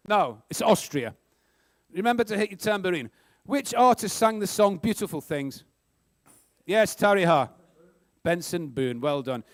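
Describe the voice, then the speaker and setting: Male NZ quiz host, very high pitch, quick joking delivery, dry recording. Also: dry recording. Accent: New Zealand. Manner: brisk, joking, sarcastic asides. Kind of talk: live school quiz hosting.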